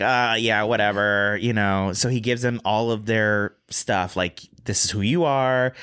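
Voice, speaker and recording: A speaker casually recapping a story on a podcast, animated and acting out the quotes. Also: mid-range voice, clear, resonant tone.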